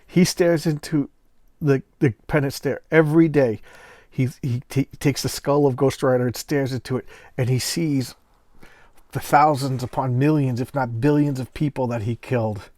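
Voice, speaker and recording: A man hosting casual comic book commentary, retelling a story in an animated, rambling way. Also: medium pitch, moderate pace, no room sound, clean studio sound.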